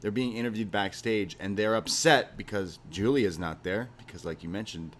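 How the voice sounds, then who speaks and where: A man's voice: lowish voice, moderate pace, slight background noise. A man co-hosting a podcast, chatting casually and animatedly, often laughing and retelling scenes. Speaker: podcast co-host. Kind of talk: casual chat.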